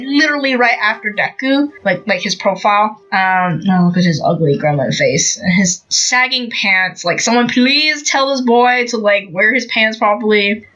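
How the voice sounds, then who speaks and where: A woman's voice: medium pitch, sharp tone, poor audio. A young woman hosting a podcast, recapping a manga in casual, rambling chat full of fillers and acted-out quotes. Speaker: podcast host.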